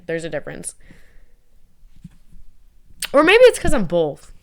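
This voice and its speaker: Smooth-voiced young woman, rambling vlog. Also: mid-range voice. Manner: rambling, giggly, self-mocking. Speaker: vlogger. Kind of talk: casual chat to camera.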